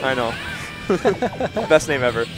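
A young man doing live, joking, profane commentary on a fighting-game match at a tournament, yelling at big plays. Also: medium pitch, big pitch swings, slow pace. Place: gaming tournament venue. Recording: live stream with crowd noise and music.

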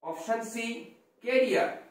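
Indian English male tutor, fairly high voice, slow explaining manner, recorded from afar in an echoey room. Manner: explains slowly, spells words out letter by letter. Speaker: English teacher. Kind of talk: exam-prep lesson. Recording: very echoey room, voice far from mic.

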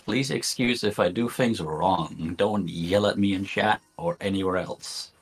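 A man's voice: sits low, measured pace, breathy edge. A man, the game master, introducing the players in laid-back casual chat with plenty of swearing.

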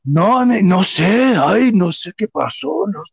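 A man's voice: sits high, expressive, normal speed, gravelly, slightly rough, highs cut off, voice pushed up, full character voice. A man putting on a voice for a sheepish, sly male wrestler friend who whines out innocent excuses. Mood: feigned innocence. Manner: innocent, whiny, excuse-making.

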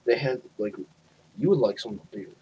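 A man rambling hesitantly in a casual chat with friends, full of pauses and fillers. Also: mid-range voice, dark tone, highs cut off, slight background noise. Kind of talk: casual chat while gaming.

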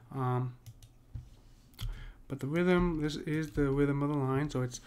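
Casual man explaining poetic meter. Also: mid-range voice. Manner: talks through steps with frequent "right?" and fillers; reads verse lines slowly and deliberately. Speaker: poetry teacher.

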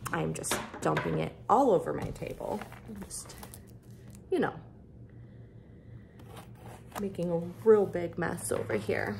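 A woman vlogging as she unboxes craft kits, gushing with bubbly excitement and lots of fillers. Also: lowish voice, a little slow, creaky, long pauses, noisy background. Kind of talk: casual unboxing chat.

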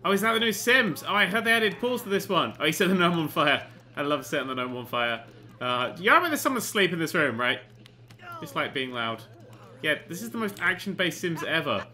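A man giving sarcastic, excitable commentary while playing a life simulation game, often swearing and bursting into panicked shouts. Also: a little high, fairly quick. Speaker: gaming channel host. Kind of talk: comedic let's play commentary.

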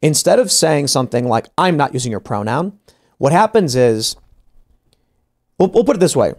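His voice is a little high with big pitch swings, delivered at a moderate pace. He's a podcast host arguing his side in an opinionated studio panel, restarting sentences a lot and performing the voices of others.

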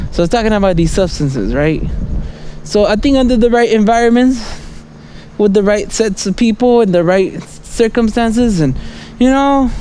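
A man with a high but mellow voice rambles through a casual monologue while walking outdoors at night. He keeps checking in with "right?" and "you know?" and chuckles between thoughts. Faint traffic hums behind him. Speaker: vlogger. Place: outdoors on a city street at night.

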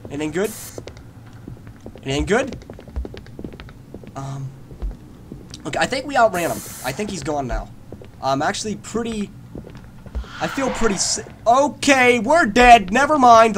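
Jumpy, joking gamer guy with a lively voice. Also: sits high, a little fast, long pauses. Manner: jokey, rambling, bursts into loud yelps when scared. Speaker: gamer playing a horror game. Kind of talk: let's play commentary. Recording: noisy home recording.

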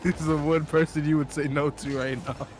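A man's voice: on the high side, level tone, brisk, soft background music. A man laughing and bantering with friends while playing a car soccer game on stream. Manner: laughing, incredulous. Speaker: gamer on a stream. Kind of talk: casual gaming chat.

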